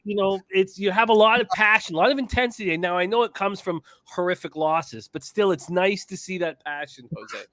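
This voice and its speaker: A man with a high voice boasts and teases through casual betting-show banter, swearing as he goes. The sound is dry and close to the mic. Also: fairly quick, hardly any pauses, bright, forceful tone, no echo. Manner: boastful, teasing, swears freely. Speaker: co-host guest. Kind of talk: casual sports betting chat.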